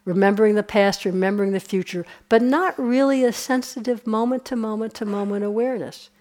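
Woman giving a relaxed dharma talk. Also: medium pitch, brisk. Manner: relaxed and conversational, often laughing. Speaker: meditation teacher. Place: retreat center hall.

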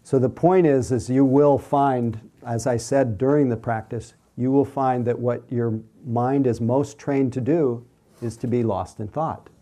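Very mellow, gentle male meditation teacher. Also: mid-range voice, fairly even intonation. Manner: gentle, unhurried, soothing. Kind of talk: mindfulness talk with questions.

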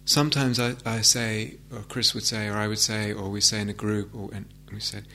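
A man giving a meditation talk, gentle and reflective, with frequent hesitant restarts. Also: lowish voice, flat delivery, normal speed, slight background noise. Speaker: meditation teacher. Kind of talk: dharma talk. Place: meditation hall with audience.

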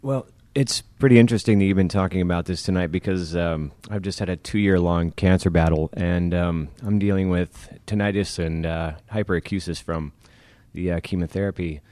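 Male participant, deep voice, halting and hesitant, dry recording. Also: warm tone, no room sound. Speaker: class participant.

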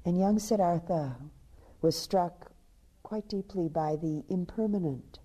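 Giving a dharma talk, a woman meditation teacher softly tells a teaching story, sometimes dropping into hushed, half-whispered passages. Her voice is fairly low in pitch and her pace a little slow.

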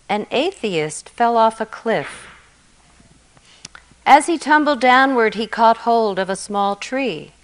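A woman meditation teacher gives a dharma talk at an unhurried, slow pace. Her voice sits in a middle pitch, gentle and reflective, often softening at the ends of phrases. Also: low-quality recording. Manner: gentle and reflective, soft endings.

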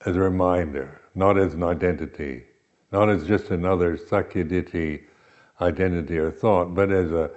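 A man giving a reflective dharma talk as a meditation teacher, pausing often and restarting his phrases. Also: low voice, fairly even intonation, a little mellow, dull audio. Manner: slow, reflective, with many pauses and restarts.

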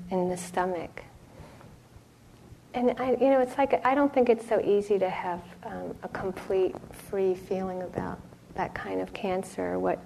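A middle-aged woman meditation teacher giving a relaxed, conversational dharma talk. She speaks gently, drops into soft whispered asides and laughs often. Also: lowish voice, gravelly, slight background noise, rough recording.

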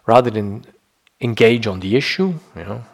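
Middle-aged man, gravelly husky voice, relaxed dharma talk, conversational asides. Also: on the low side, moderate pace. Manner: reflective, conversational, frequent "you know" and "yeah?". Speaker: meditation teacher.

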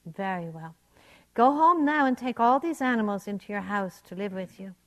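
A serene, gentle old rabbi giving advice, as a woman teacher tells him in a spoken folk tale. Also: mid-range voice, expressive, normal speed, highs cut off, lightly acted. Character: calm wise old rabbi.

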